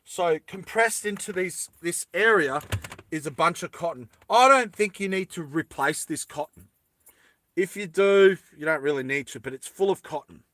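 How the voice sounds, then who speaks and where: Chatty guy fixing a lighter, bright tense voice, wanders off topic, dry close sound. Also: fairly high pitch, dry recording. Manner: rambling, self-correcting, jokey asides. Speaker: lighter repair vlogger. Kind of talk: casual how-to chat.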